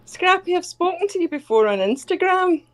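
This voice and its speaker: A woman, a guest on a casual livestream call, blunt and quick to swear. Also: extremely high pitch, lively intonation. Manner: blunt, swears freely, teasing.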